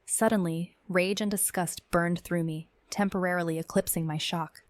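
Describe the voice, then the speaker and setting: Low-voiced woman narrating a horror tale. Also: steady tone, no echo. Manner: measured, tense storytelling. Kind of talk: scripted first-person horror narration.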